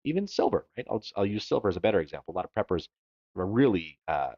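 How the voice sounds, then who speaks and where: A man with a low voice that swings widely in pitch, co-hosting a casual live stream. He jokes around and reads viewer comments out loud. The sound is dry and somewhat dull, like a lo-fi home setup. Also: no room sound. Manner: animated, joking, reads viewer comments aloud. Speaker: livestream co-host.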